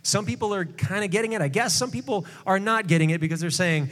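A man, a pastor, preaching a sermon in a relaxed, conversational way with joking asides. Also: high-pitched, fast, hardly any pauses, long reverb tail.

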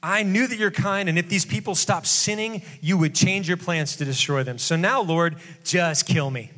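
A man voicing a sulking adult male prophet, complaining in a high, exasperated whine. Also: normal speed, bright, forceful tone. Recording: long hall reverb.

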